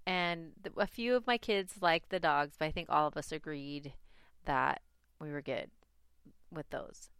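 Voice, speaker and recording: A woman's voice: low voice, measured pace, smooth, no room sound, clean studio sound. A mother casually telling a personal family story, chatty and laughing often as she talks. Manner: chatty, laughs often, animated when recalling panic.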